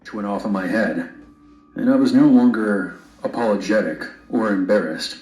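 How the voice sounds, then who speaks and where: Low guy telling a creepy story, blunt and wry, echoey sound. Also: normal speed, darkish tone. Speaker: story narrator. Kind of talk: first-person story narration. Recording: roomy narration played back.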